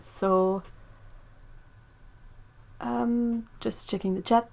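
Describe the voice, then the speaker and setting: A woman hosting a live-streamed art supply unboxing, excitable and chatty, talking to her viewers as she goes. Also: on the high side, very slow, vocal fry. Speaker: art channel host.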